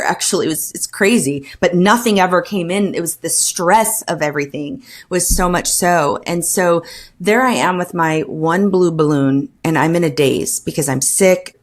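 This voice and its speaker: A woman with a lowish voice tells her own story on a podcast. She speaks earnestly and with feeling, stopping and restarting often. She acts out what others said to her. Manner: earnest, emotional retelling with many restarts and quoted dialogue. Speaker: podcast guest. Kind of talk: personal storytelling in an interview.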